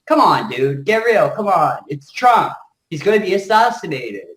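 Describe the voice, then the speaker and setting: A man in a heated web show chat who curses through every sentence and gets angrier as he goes. His voice sits high for a man. It rings with a roomy, echoey sound. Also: sing-song, moderate pace, a bit bright. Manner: profane, angry, rants. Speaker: regular guest. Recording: echoey room.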